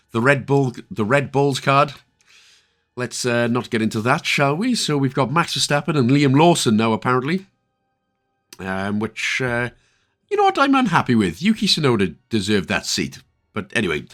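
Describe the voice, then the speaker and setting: A man's mid-range, fairly bright voice carries a Northern Irish accent as he narrates a casual gameplay walkthrough. He makes video game guides, and his talk is chatty and sprinkled with jokey asides.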